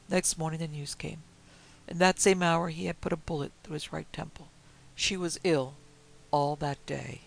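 A man narrating a period story aloud in a measured storytelling manner. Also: a little high, gravelly, fairly bright tone, poor audio. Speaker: audiobook narrator. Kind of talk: reading a Victorian story aloud.

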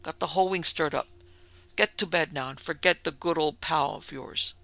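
A man's voice: on the high side, moderate pace, sharp tone, no room sound. A man voicing a hardened, unsympathetic male prison guard who barks questions and growls. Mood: growling. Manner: gruff, unsympathetic, demanding.

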